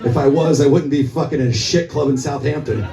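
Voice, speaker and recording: A man's voice: on the high side, fairly quick, gravelly, distant mic. Man telling a profane stage story in an echoey club. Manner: profane, rambling anecdote told to the crowd. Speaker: musician on stage. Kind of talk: onstage storytelling at a live gig. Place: small music club, live concert.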